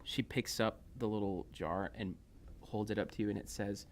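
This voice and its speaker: Game master, man, lowish voice, loose rambling narration, faint hiss behind. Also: fairly even intonation, moderate pace.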